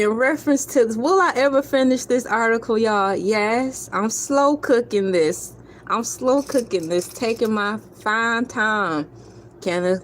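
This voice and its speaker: A woman's voice: fairly high pitch, slight background noise. A woman vlogger telling a comic story in a casual, theatrical way, talking straight to her viewers. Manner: theatrical, playful, addresses viewers as y'all.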